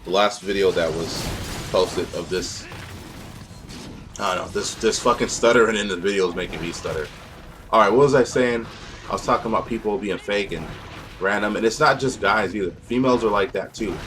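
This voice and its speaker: Young male gamer, lowish voice, loose profane street slang, rambling commentary with a steady hum behind. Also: a little fast. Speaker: gameplay commentator. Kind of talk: casual gameplay chat.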